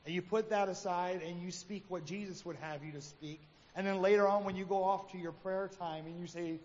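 A man's voice: high-pitched, steady tone, fairly quick, a little mellow. A man preaching a sermon in a conversational way, acting out the quotes in his stories. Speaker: pastor. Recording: hall reverb, dull lo-fi sound, faint noise.

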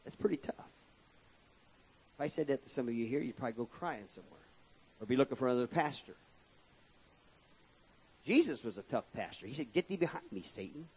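A man preaching a sermon as pastor, calling out to his congregation and swinging between pressing emphasis and quieter asides. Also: mid-range voice, animated, moderate pace, long pauses, slightly rough, dull audio. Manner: preaching with rising and falling emphasis, addressing the congregation as folks.

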